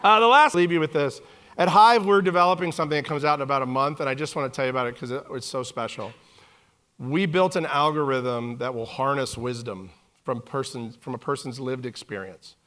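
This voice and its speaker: A man in his forties giving a humorous keynote on stage, telling stories with lively acted-out quotes. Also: medium pitch, fairly quick. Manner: animated, jokey, acts out quotes in voices. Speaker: keynote speaker. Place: conference stage.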